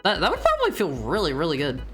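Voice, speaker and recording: A man streaming as a VTuber, chatting playfully with his viewers and teasing them. He keeps tripping into restarts, and his pitch swings up and down. Faint music plays softly behind him. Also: huge pitch swings, fast talker. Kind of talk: casual live-stream chat.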